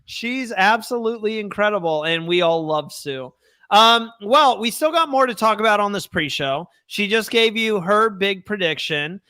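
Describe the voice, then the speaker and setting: A young man co-hosting a fan podcast in casual, animated chat, reading viewer comments aloud. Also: high-pitched, a little slow, clean tone, no room sound, clean studio sound. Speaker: podcast co-host.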